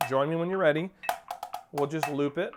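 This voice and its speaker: A man's voice: a little high, moderate pace, loud music behind the voice. A male percussion teacher giving a drum lesson, coaching steadily, counting off and singing rhythms as syllables. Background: percussion playing.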